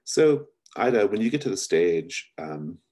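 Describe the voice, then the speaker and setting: A man with a deep, somewhat husky voice runs a tabletop mystery game, guiding the players in a loose, chatty way. He trips over his words and restarts, asking each player what they do next. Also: measured pace. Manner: relaxed, chatty, stumbling restarts. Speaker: game master.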